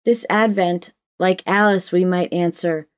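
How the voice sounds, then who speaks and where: A woman, a preacher from the United States, reading scripture and giving a measured, reflective sermon. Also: fairly low pitch, fairly even intonation, clear, resonant tone.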